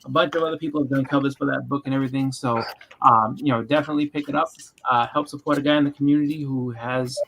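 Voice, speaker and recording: A man talks loosely on a comics stream, piling up fillers and restarts as he goes. His voice is bright and forward. A faint hiss sits behind him. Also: mid-range voice, steady tone, fast talker, vocal fry, rough recording. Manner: rambling, with many fillers and restarts. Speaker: co-host. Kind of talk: casual chat on a comics stream.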